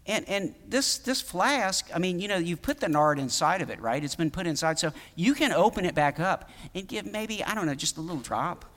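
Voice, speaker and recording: A man's voice: high-pitched, animated, normal speed, few pauses, fairly bright tone, big-room sound. A man preaching a sermon in a conversational, emphatic way, with many fillers and restarts. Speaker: pastor.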